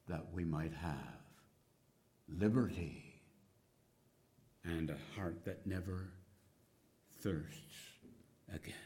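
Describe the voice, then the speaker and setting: A man preaching a sermon, slow and dramatic, rising to loud cries and dropping to hushed whispers. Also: low-pitched.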